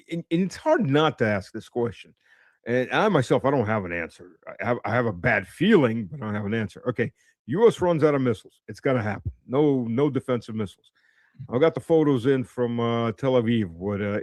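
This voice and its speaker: A man's voice: medium pitch, animated, fairly quick, a little mellow, dry recording, studio quality. A man hosting an interview, chatting casually and reacting with short interjections. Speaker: host.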